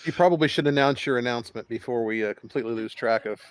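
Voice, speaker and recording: A man's voice: medium pitch, very fast, smooth, no room sound. A man in a casual podcast chat, explaining things in a matter-of-fact way.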